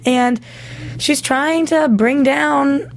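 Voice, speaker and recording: A woman's voice: high voice, very slow, creaky. A young woman co-hosting a show in bubbly, jokey casual chat. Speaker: co-host.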